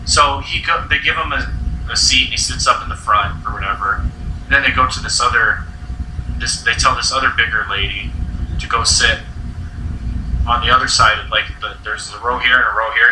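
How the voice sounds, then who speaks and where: A man's voice: mid-range voice, a little fast, bright, forceful tone, slight background noise. A young man hosting a casual chat, telling a long story full of filler words. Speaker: host. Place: friend's house indoors. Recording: echoey room, mic at a distance.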